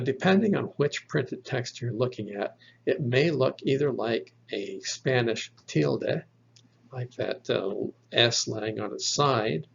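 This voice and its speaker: Male teacher, slow and patient, husky gravelly voice, lo-fi voice-over. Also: mid-range voice. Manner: slow, patient explaining with fillers. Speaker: Bible Greek teacher. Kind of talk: slide-based lesson.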